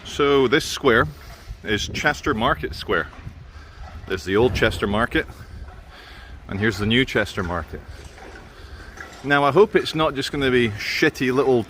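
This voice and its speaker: A man's voice: medium pitch, fairly bright tone, a little hiss or hum. A middle-aged man vlogging as he walks outdoors through city streets, giving a sarcastic running commentary into a handheld camera. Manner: wry, sarcastic running remarks. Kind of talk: walking commentary.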